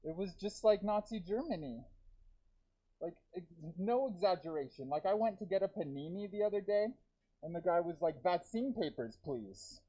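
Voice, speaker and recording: A man performing a live stand-up set with dark, deadpan jokes and self-aware asides to the audience, talking through a deer mask. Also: high voice, moderate pace, poor audio. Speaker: stand-up comedian. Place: comedy theater stage.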